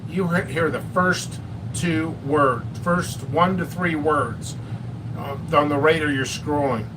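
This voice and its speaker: Man, high voice, bright, slow rambling, joking, live stream host, distant mic, faint background noise. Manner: rambling, joking, self-mocking. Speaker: host of a pepper and hot sauce channel. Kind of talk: casual live-stream chat.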